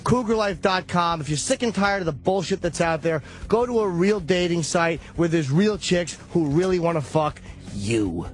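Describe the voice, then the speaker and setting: A man's voice: sits high, lively intonation, normal speed, soft background music. A man co-hosting a radio show, reading a crude, rambling, self-mocking comic ad. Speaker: radio co-host. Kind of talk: comedic live ad read.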